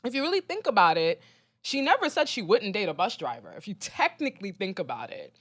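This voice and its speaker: A young woman co-hosting a podcast in casual chat, animated and teasing, with lots of ums. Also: mid-range voice, brisk, no echo, studio quality. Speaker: podcast co-host.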